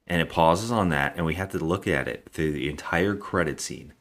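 A man's voice: extremely low pitch, moderate pace, a bit bright. A man co-hosting a podcast, chatting casually and jokingly about a film. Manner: rambling, jokey, acts out scenes. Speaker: podcast co-host. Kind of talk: casual chat reviewing a film.

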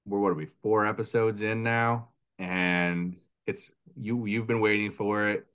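Male podcast co-host, low register, chatty animated storyteller. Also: measured pace, smooth. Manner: animated storytelling, acts out kids and cashiers. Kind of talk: casual chat.

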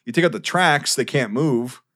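A man's voice: medium pitch, normal speed, a bit bright. A man on a casual podcast, explaining details at length with frequent ums and likes and restarts. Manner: detailed explaining, hesitant with many "um" and "like". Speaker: podcast co-host with military history knowledge.

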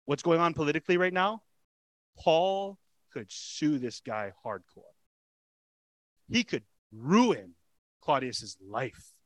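A man's voice: fairly high pitch, fairly bright tone, no echo. A man preaching a sermon as pastor, telling the story with dramatic emphasis, rhetorical questions and repeated lines. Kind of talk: expository sermon.

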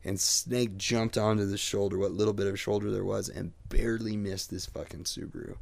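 A young man hosting a podcast, casual chat, telling animated stories and swearing freely. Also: lowish voice, brisk, vocal fry, dry recording. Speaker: podcast host.

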